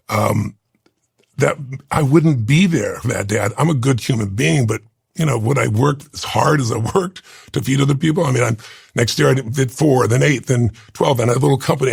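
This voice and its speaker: A man, a podcast guest, telling a heartfelt personal story in an earnest, halting way with frequent fillers and restarts. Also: medium pitch, creaky, husky, dry recording, studio quality. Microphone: studio podcast mic.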